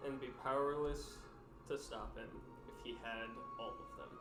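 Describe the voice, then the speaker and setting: A man's voice: medium pitch, fairly even intonation, normal speed. A man playing a tabletop game, joking and laughing playfully. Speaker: player. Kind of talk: casual tabletop play. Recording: roomy echo with music.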